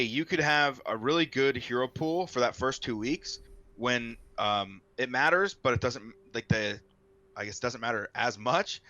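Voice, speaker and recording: Man, guest, casual esports chat, rambling with lots of fillers, bright voice, dull lo-fi mic. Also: medium pitch, no room sound.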